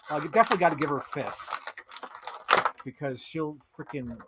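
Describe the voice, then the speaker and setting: A man in his thirties hosting a casual unboxing stream, chatting in an excitable, rambling way with bursts of laughter. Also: fairly high pitch, normal speed, heavy background noise. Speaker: streamer host. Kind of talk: casual chat while unboxing collectibles.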